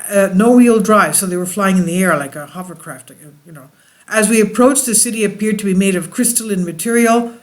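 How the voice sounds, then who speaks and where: A man's voice: sits high, a bit bright. A man reading a diary aloud with slips and restarts, stopping often to explain it to his listeners. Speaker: channel host reading and commenting.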